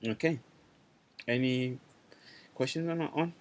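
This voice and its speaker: A man's voice: mid-range voice, measured pace. A man teaching a language class online, talking loosely, repeating himself and checking in with his students.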